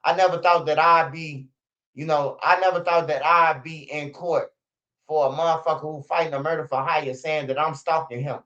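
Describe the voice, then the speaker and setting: A man with a high voice talks on a live stream, full of profanity and animated storytelling. The audio is dull and lo-fi. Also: moderate pace. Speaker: streamer commenting on street news. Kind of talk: casual live-stream commentary.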